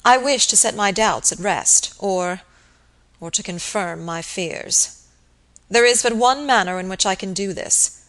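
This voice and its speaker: A woman voicing a grave, earnest young male barrister, speaking in a formal, measured way. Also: medium pitch, fairly bright tone, lightly acted.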